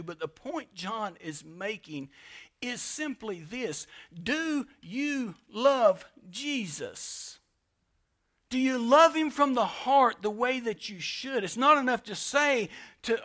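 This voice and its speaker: A man delivers a sermon from the pulpit as pastor. His voice sits high and bright. He drives his points with emphatic bursts, then drops to quiet, weighty lines. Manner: emphatic preaching with sharp swings in loudness. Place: church sanctuary.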